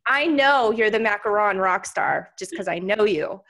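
A woman's voice: mid-range voice, moderate pace. A woman hosting a podcast, chatting casually and telling stories with enthusiasm. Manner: enthusiastic, animated storyteller. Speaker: podcast host.

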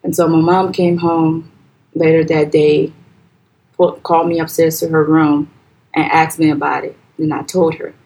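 A young woman with a Liberian accent tells her own story as a podcast guest. Her voice sits low and her telling is soft and hesitant, full of pauses and restarts. When she quotes others, she lifts her voice high and loud. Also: flat delivery, rough recording. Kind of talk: personal storytelling in a podcast interview.

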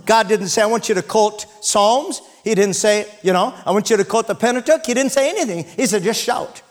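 A man's voice: high-pitched, brisk. A man preaching a sermon, retelling scripture and calling out for amens from the congregation. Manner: animated preaching, calls for amens and shouts. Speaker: pastor.

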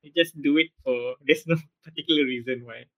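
A man's voice: mid-range voice, brisk, dull audio. A man interviewing a guest, asking curious, probing questions. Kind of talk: casual interview.

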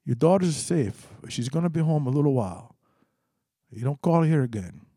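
A man voicing a tough, protective older father with broken grammar and a blunt, menacing calm. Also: a little high, moderate pace, breathy edge, no echo, studio quality.

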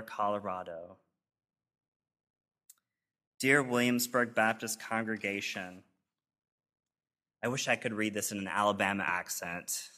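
A male pastor giving a sermon, reading letters of support aloud in an earnest, measured way. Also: fairly low pitch, pushed and bright. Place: church sanctuary.

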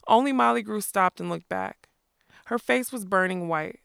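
Woman audiobook narrator, lyrical and measured, gravelly tone, dry close mic. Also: medium pitch, fairly bright tone, no room sound.

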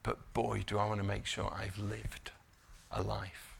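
A middle-aged man preaching a sermon, rising to emphatic slow stressed phrases and dropping to quiet conversational asides. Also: lowish voice, level tone, creaky, slightly rough. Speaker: pastor.

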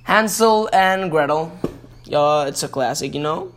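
Chatty man reading a kids' story, slow. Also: on the high side, fairly bright tone, slight background noise. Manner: chatty, stumbles and corrects himself. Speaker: podcast host.

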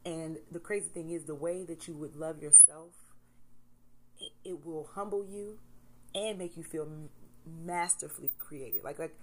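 A woman in her thirties, a mother, talking candidly to camera in a casual motivational vlog, swinging between soft reflection and loud emphasis. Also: sits low, steady tone, normal speed, poor audio. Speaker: vlogger, mother.

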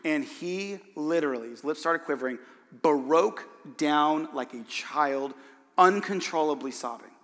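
A man gives a sermon as a pastor, telling a story with energy and acting out each voice in it. His voice sits a little high and has a bright, forceful edge. It rings with the long reverb of a large hall. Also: unhurried. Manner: animated, acts out the voices in his stories.

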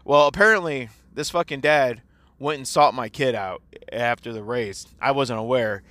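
A man's voice: mid-range voice, moderate pace, sharp tone, no room sound. Candid, foul-mouthed dad in his forties. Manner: candid, rambling, heavy swearing. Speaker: teacher. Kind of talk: casual personal audio diary.

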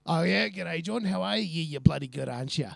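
Bloke doing a raised-voice kiwi shopper, cheeky and blokey, gravelly, asks and answers himself. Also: male voice, a little high, lively intonation, quick pace, dry recording, pitched above the performer's own voice, heavily acted. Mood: cheery teasing. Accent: New Zealand. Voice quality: blokey, answers his own questions. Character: loud cheeky middle-aged Kiwi bloke, teasing shopper.

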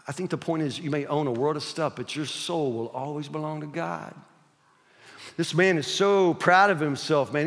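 Emphatic high-voiced male preacher. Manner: earnest and emphatic, repeating points for emphasis. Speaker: pastor. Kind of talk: sermon. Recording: long hall reverb.

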